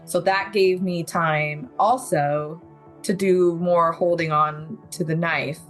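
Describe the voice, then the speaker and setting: A woman's voice: fairly low pitch, steady tone, slow, soft background music. A young adult woman, a podcast guest, telling her survival story in vivid, candid detail with occasional nervous laughs. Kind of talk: personal story in an interview.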